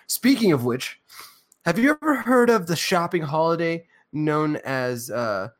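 A man hosting a loose podcast chat, his voice sitting a little higher than most men's. He rambles through fillers and restarts with a sarcastic, profane edge. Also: lively intonation, unhurried. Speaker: podcast co-host.

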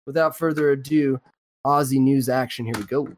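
A man's voice: mid-range voice, steady tone, moderate pace, slight background noise. A man hosting a live podcast in casual chat, rambling with lots of fillers and restarts and swearing freely. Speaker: podcast host.

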